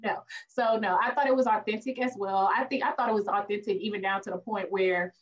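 A woman co-hosting a casual movie review podcast, speaking, animated, acting out lines from the film and laughing often. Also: medium pitch, a little fast, far from the mic, lo-fi sound. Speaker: podcast co-host.

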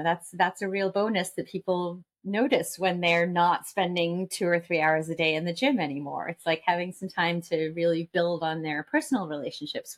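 A woman speaking as a guest expert in a podcast conversation, explaining in a measured way with frequent fillers. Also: fairly low pitch. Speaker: guest expert on missing periods.

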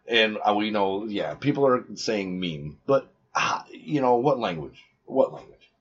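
A wisecracking man co-hosting a podcast, his voice husky and a bit breathy. He riffs on jokes and lets his sentences trail off. The recording is dull and lo-fi. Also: fairly low pitch, animated, unhurried. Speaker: podcast co-host. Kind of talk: casual joking banter.

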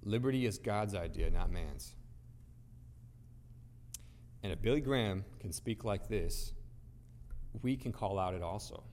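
This preacher has a lowish, somewhat mellow voice and talks a little slowly, pausing often, with slight background noise present. Addressing a gathered audience, he is emphatic, asks rhetorical questions, and builds his argument by repetition. Long reverb from a large hall fills the recording.

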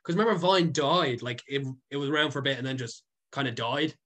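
A man's voice: mid-range voice, fast, a bit bright. A young man, a guest telling a story casually, rambling with many fillers and frequent swearing. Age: young adult. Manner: rambling, heavy with fillers and swearing, laughs often. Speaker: guest, content creator.

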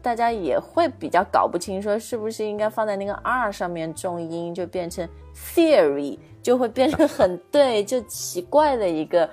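A woman's voice: medium pitch, animated, normal speed, few pauses, a little mellow. Woman teaching pronunciation over faint music. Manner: explains patiently, checks in with "right?". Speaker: English pronunciation teacher, co-host. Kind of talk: bilingual podcast lesson.

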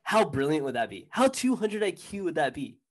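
A man's voice: fairly high pitch, very animated, fairly quick. A laid-back young man co-hosting a casual chat, often saying "dude". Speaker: podcast co-host.

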